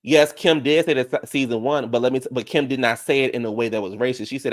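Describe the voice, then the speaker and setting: A man hosting a casual YouTube show, recapping a reality TV episode and talking to his viewers in chat, jumping into animated high voices when he quotes people. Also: fast talker. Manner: talks back to viewers in chat. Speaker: YouTube reaction show host.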